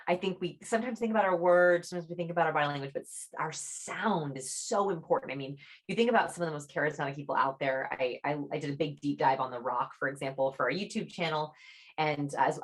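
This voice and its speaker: A young adult woman, a chatty author speaking as a podcast guest over a video call, animated and peppering her talk with "like". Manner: animated, demonstrates her voice high and low; chatty, fillers like "like". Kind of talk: podcast interview.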